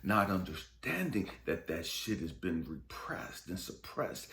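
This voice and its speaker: A man giving an emotional, profane monologue about forgiveness as a spiritual vlogger, swinging from loud outbursts to hushed whispers. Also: low-pitched, big pitch swings, unhurried, gravelly.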